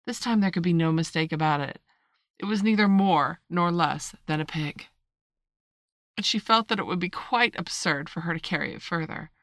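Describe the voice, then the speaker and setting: A woman narrating a storybook in a measured, expressive read-aloud manner. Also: lowish voice, dry recording, studio quality. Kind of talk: storybook reading.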